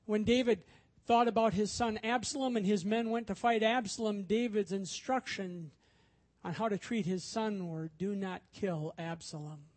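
High-voiced male pastor preaching. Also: normal speed, a little mellow. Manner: storytelling, acts out quoted voices with rising emphasis. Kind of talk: sermon.

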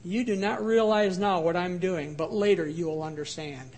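A patient, reassuring Jesus speaks gently and steadily, as a preacher quotes him. The man's voice sits fairly high and stays measured. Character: calm, patient Jesus reassuring his disciple.

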